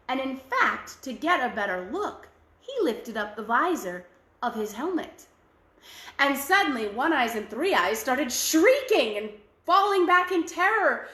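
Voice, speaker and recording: A woman storyteller for a library, reading a fairy tale aloud in an animated, expressive way. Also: fairly high pitch, a little slow, roomy sound.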